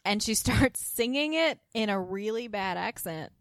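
A woman's voice: mid-range voice, moderate pace, no echo, clean studio sound. A woman co-hosting a podcast, casually recapping a TV episode and acting out the characters' lines. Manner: acts out characters' lines with lively voice shifts. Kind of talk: casual chat.

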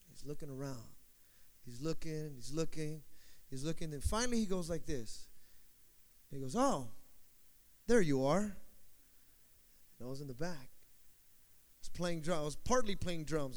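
High, lively-voiced male preacher. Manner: animated storytelling, repeats phrases for emphasis. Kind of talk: sermon.

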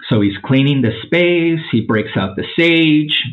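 A man's voice: on the high side, lively intonation, measured pace. A man in his forties, a podcast guest, telling a long story in a loose, casual way, acting out quotes and saying "man" and "dude" a lot. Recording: tinny phone-like line.

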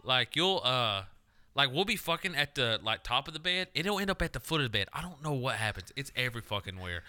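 Give me a young man on a podcast, crude and excitable, with a smooth, bright voice. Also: medium pitch, a little fast. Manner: profane, laughing, excitable storyteller. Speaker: podcast co-host. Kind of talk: crude casual banter.

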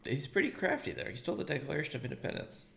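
A man's voice: fairly high pitch, huge pitch swings, very fast, vocal fry, a bit bright. A man hosting a podcast, casually laying out the rules of a game with playful, emphatic asides. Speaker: podcast host running a game segment. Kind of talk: casual chat.

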